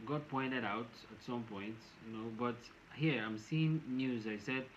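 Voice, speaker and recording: Nigerian-accented male vlogger, loose rambling delivery, muffled low-fidelity sound. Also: a little slow, few pauses. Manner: rambling, repeats and restarts phrases. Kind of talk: casual commentary to camera. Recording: dull lo-fi with faint noise.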